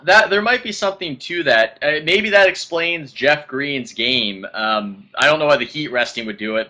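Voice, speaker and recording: A man's voice: mid-range voice, bright, forceful tone. A man co-hosting a casual podcast chat, wry and teasing. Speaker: co-host.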